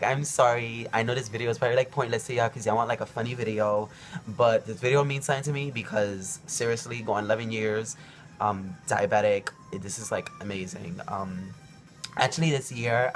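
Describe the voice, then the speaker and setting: A man's voice: lowish voice, a little hiss or hum. Rambling emotional young man. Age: young adult. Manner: rambling, emotional, many ums and likes. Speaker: vlogger. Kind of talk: casual personal storytelling to camera.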